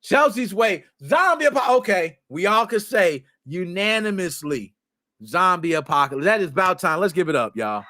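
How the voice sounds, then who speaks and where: Excitable high-pitched male streamer. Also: normal speed. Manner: animated, excitable, shouts often, slangy. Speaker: streamer, podcast host. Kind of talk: casual livestream chat.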